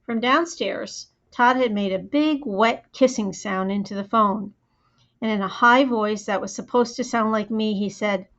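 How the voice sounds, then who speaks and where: A woman narrating a first-person audiobook in a plain, steady storytelling manner, on a dull lo-fi recording. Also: medium pitch, unhurried.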